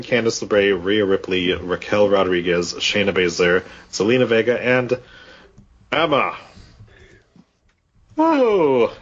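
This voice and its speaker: A man hosting a casual podcast chat, husky and laughing often as he runs through picks. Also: fairly low pitch. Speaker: podcast host. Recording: dull lo-fi audio.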